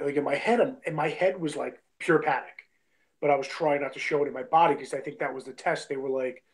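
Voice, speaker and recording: A young man tells a long story in a loose, rambling way, peppered with "like", "bro" and "you know". His voice sits a little higher than most men's. He talks as a guest, in easy conversation. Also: fast talker, low-quality recording. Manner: loose and chatty, heavy on "like", "bro" and "you know what I mean". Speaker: guest, independent wrestler. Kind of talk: casual storytelling.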